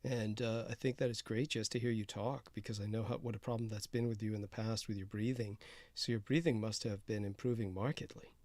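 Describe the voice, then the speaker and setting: A man hosting a casual chat, hesitant and filling pauses, encouraging his guest. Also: lowish voice, fairly even intonation, darkish tone, dry recording, clean studio sound. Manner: hesitant, many uhs, encouraging. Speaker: host.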